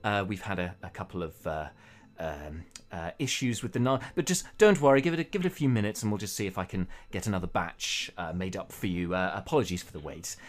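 A man's voice: medium pitch, lively intonation, moderate pace, natural voice. A man voicing a redheaded woman barmaid who runs the inn, polite, flustered and stammering. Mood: apologetic cheerful.

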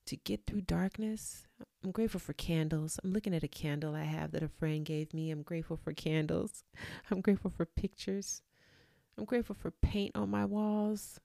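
A woman's voice: fairly low pitch, normal speed, creaky, dark tone, dry recording, studio quality. A woman talking at home, giving a motivational gratitude talk, repeating affirmations with chatty asides. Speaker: vlogger. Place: room at home.

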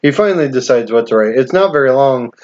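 A man in an easy podcast chat who teases his co-host and often answers in short agreements. His pitch is ordinary. The sound is dry and slightly muffled. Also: fast talker, dry recording. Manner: relaxed, teasing, short agreements. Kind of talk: casual chat.

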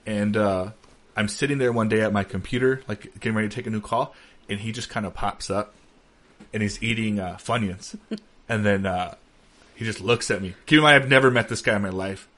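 A man's voice: lowish voice, fairly quick, a bit bright. A man in his thirties co-hosting a podcast, telling funny stories in casual chat and laughing through the punchlines. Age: 30s. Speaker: podcast co-host.

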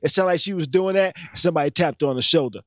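A man with a slightly high voice hosts a casual podcast. He rambles through stories in a loose, profane way. The sound is dry and close, with little room around it. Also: rapid-fire, no echo. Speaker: podcast host. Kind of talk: casual chat.

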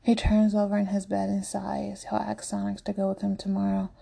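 A woman narrating a story slowly, in a hushed voice that often drops to a half-whisper. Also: medium pitch, completely flat delivery, creaky, breathy edge.

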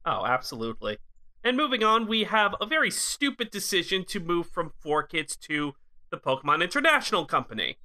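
A podcast co-host with a mid-range voice and a bright, forward tone. The talk is casual and quick to tease. Swearing comes easily. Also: medium pitch, sing-song. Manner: chatty, swearing, teasing. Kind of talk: casual chat.

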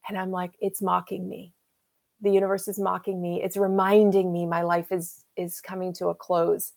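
A woman's voice: on the low side, normal speed, gravelly. A woman in her fifties, an interview guest, telling a personal story with emotion and acting out what people said to her. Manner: emotional, animated retelling with acted-out quotes.

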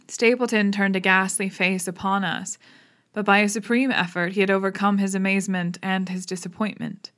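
A woman narrating an audiobook in a measured, even reading voice. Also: medium pitch. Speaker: audiobook reader. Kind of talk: scripted narration of a classic detective novel.

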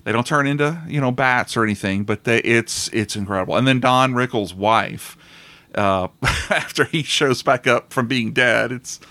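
A man hosts a relaxed movie podcast, rambling through his points with restarts and frequent laughs. His voice sits at a middle pitch. The sound is dry and close. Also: moderate pace, dry recording. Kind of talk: casual chat about movies.

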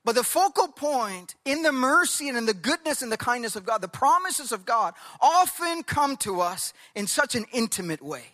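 Preaching with an extremely high pitch, wide pitch swings, and a bright, forceful tone, this male pastor stretches key words for emphasis and leads his congregation in reading along, call-and-response style. His voice carries a long reverb tail.

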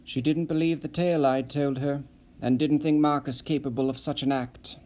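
A man reading an audiobook, voicing a composed intelligence official who speaks softly and evasively. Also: a little high, fairly even intonation, moderate pace, close to an everyday voice. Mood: cold. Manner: soft-spoken, composed, evasive. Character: smooth cold male intelligence official.

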